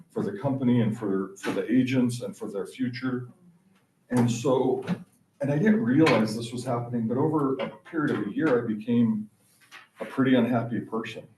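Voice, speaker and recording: A man's voice: medium pitch, background noise. A man in a class candidly sharing a personal story, hesitant and full of fillers. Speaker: class participant. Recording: echoey room, distant mic.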